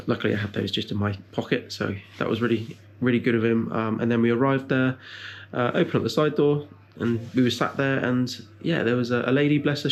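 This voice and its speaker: A man in his twenties or so, chatting casually to his camera at a mid-range pitch. He coos gentle praise in a sing-song way, then drifts into loose, hesitant explaining with plenty of ums. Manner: coaxing, sing-song puppy talk mixed with rambling explanation full of ums. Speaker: vlogger and new puppy owner. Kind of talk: casual vlog chat.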